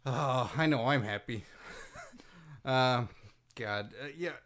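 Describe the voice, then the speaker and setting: A man's voice: mid-range voice, takes it slowly, fairly bright tone. A man co-hosting a podcast, chatting casually in a joking, easygoing way. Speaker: podcast co-host. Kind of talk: casual chat.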